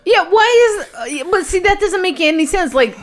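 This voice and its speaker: A woman's voice: very high voice, very animated, moderate pace. A woman actor guesting on a podcast, skeptically questioning everything in casual chat.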